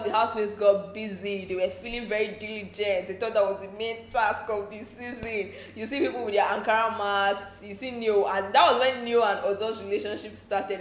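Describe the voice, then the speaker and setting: Nigerian woman, gossipy recap host, mid-pitched, echoey room. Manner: chatty, laughs often, slips into pidgin asides. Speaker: entertainment show recap host.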